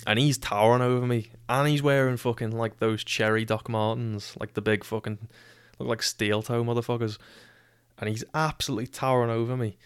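A man's voice: medium pitch, little pitch movement, brisk, smooth, dry recording, studio quality. A young man with a Scouse accent telling a rambling, wry, swear-heavy anecdote. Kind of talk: casual storytelling.

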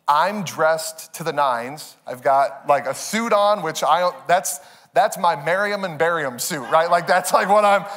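A pastor in his thirties tells a story in an animated, self-mocking way. His voice is fairly high for a man. It rings with the long reverb of a large church sanctuary. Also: a little slow. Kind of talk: sermon.

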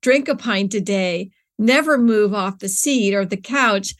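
A woman's voice: medium pitch, measured pace. Earnest middle-aged woman telling her story. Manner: earnest, searching, frequent restarts and fillers. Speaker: interview guest, nonprofit co-founder. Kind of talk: conversational interview.

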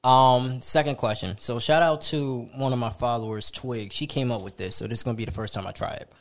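A man hosting a casual podcast, asking his guest questions in a relaxed way with fillers. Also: medium pitch, fairly quick. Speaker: podcast host.

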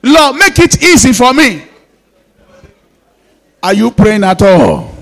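A man's voice: high-pitched, huge pitch swings, takes it slowly. A male pastor with a Nigerian Yoruba accent, leading a fervent prayer sermon in repeated commands and switching between English and Yoruba. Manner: declaring prayers in repeated commands, now and then shouting.

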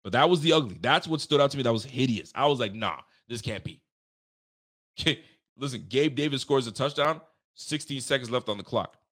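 A man hosting a casual sports podcast, animated and swearing freely, talking straight to his listeners and breaking into loud outbursts. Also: mid-range voice, a little fast. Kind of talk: casual fan commentary.

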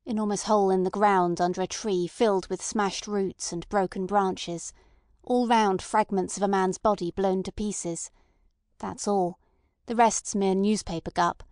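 A woman's voice: medium pitch, steady tone, a little slow, a little mellow, no room sound, clean studio sound, natural voice. A woman doing the voice of Ossipon, an agitated male anarchist. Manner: blunt, agitated.

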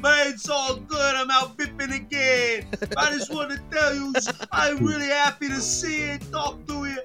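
A man's voice: little pitch movement, moderate pace. A man putting on a goofy, hyper caller voice in a voicemail, with music behind. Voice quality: high put-on voice. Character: goofy hyper male toy-hunting caller.

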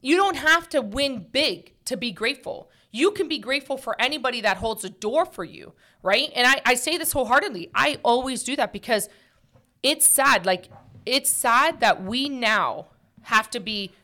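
A woman's voice: a little high, lively intonation, moderate pace, bright, forceful tone. A woman hosting a casual opinion talk show, speaking emphatically and preachily with many fillers like "like" and "you know".

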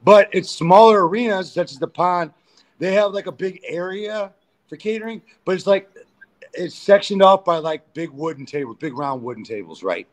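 A man's voice: high voice, normal speed. A man, a pro wrestler guest, telling crude, profane backstage stories in a casual interview. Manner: profane, animated storyteller.

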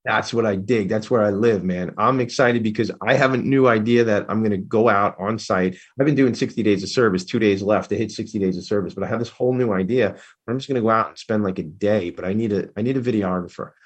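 A man hosting a talk radio show, bubbling over with enthusiasm. His voice is husky and a bit low, and he races through his words. He sounds effusive and easily excited. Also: fast talker. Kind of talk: casual radio interview.

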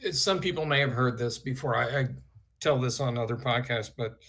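Rambling male storyteller, mid-pitched. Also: normal speed, crowd noise. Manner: rambling, animated storyteller with many fillers. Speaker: guest artist. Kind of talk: podcast storytelling.

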